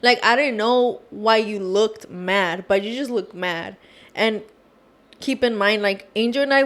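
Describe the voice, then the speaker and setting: A woman guest on a podcast, retelling a story in an animated casual way, mixing in Spanish phrases. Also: medium pitch.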